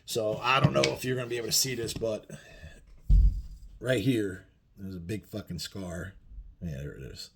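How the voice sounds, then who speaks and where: A man's voice: fairly low pitch, moderate pace, vocal fry, pauses often, a little hiss or hum. A man telling a bar-fight story casually to camera, swearing constantly and acting out the quoted lines with bursts of volume. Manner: profane, conversational, acts out quoted lines loudly. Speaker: storyteller biker vlogger.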